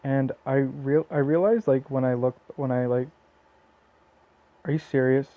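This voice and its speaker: A man's voice: mid-range voice, fairly even intonation, unhurried, no room sound. A man with a Southern Ontario Canadian accent doing casual gameplay commentary, rambling with lots of fillers and restarts. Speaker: let's play commentator. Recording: tinny lo-fi phone-like mic.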